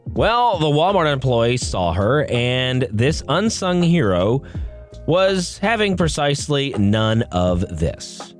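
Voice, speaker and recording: A man's voice: medium pitch, slow, faint music behind. A man hosting a podcast, reading online stories aloud with sarcastic asides. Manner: sarcastic asides, expressive delivery. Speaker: podcast host.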